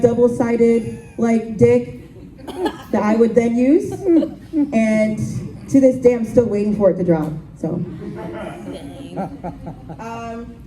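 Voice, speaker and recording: Young woman stand-up, laid-back deadpan delivery, dark timbre, heard from across an echoey club. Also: on the high side, slow pace, long pauses, far from the mic. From Haitian family. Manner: casual, deadpan, lots of ums and likes. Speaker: stand-up comedian. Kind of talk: stand-up comedy set. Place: comedy club stage.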